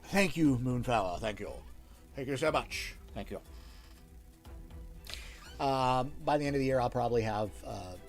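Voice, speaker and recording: A man's voice: mid-range voice, animated, normal speed, long pauses, faint music behind. A man hosting a livestream, chatting casually with viewers, thinking aloud and thanking them often. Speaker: livestream host reading requests aloud.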